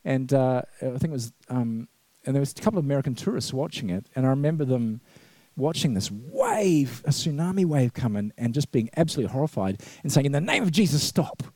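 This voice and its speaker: Brisk and sing-song, the mid-range, warm voice of a middle-aged vicar carries a conversational sermon full of anecdotes. He laughs often and acts out quotes in church, with no echo on the recording.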